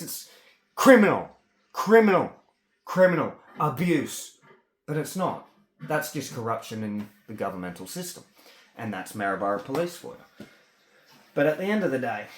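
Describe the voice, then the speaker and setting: Agitated Australian man ranting, echoey room. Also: mid-range voice. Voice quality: halting speech, stuck on words. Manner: agitated, rambling, swearing. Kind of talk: ranting personal monologue.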